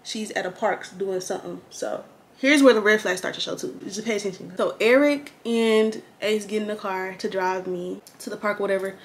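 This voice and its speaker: A young woman chatting slangily through a get-ready-with-me storytime, animated and candid. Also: medium pitch, normal speed. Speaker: vlogger.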